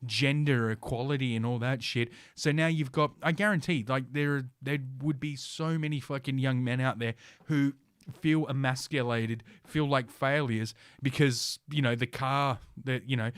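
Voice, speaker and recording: A man's voice: medium pitch, fairly even intonation, moderate pace, smooth, no room sound, studio quality. Profane scornful male podcast host. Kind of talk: ranting podcast commentary reading an article. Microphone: podcast mic.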